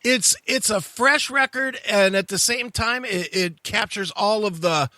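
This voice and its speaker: A man's voice: sits high, measured pace, bright, forceful tone, no echo. A man hosting a radio show interview, talking in an effusive, admiring way.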